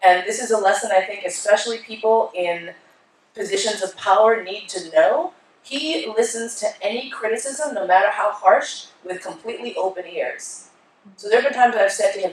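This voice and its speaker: Onstage at a conference hall, a woman gives a keynote, conversing with the audience and animatedly telling stories while acting out voices. Her voice is medium-pitched at a moderate pace, with a little hiss or hum, captured from far off in the echoey hall.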